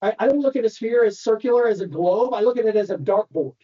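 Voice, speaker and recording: High, mellow man giving a lively training talk. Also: fast, lo-fi sound. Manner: animated storytelling, addresses the crowd directly. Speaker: real estate speaker. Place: training center room.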